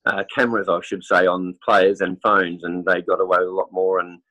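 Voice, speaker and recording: An Australian man with a cold chats quickly as a podcast guest, piling story on story with plenty of fillers. His voice sits a little low and he rarely pauses. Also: little pitch movement, bright, forceful tone, a little hiss or hum, poor audio. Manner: rambling, chatty storytelling with many fillers. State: has a cold, clears throat. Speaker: interview guest, football superfan. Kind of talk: casual chat.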